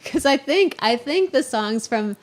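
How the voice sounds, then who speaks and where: A woman's voice: high voice, expressive, a little slow. A woman co-hosting a casual live-stream show, teasing and laughing often. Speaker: co-host.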